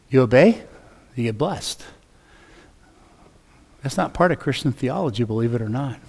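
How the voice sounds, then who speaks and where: A man preaching a sermon as a pastor, telling stories with lively acted-out dialogue. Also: mid-range voice, slightly rough. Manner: animated, acts out dialogue in his stories. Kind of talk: storytelling sermon. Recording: long reverb of a large hall.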